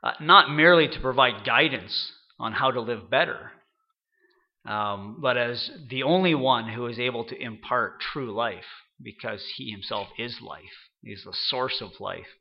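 Halting man preaching with a gravelly voice. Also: medium pitch, dull audio. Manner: halting, many repeated words and fillers. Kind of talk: unscripted sermon.

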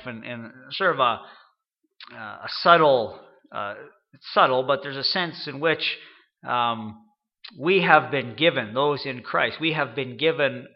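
A man giving an unscripted sermon, halting often and repeating words as he goes. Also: mid-range voice, gravelly, dull audio. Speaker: preacher.

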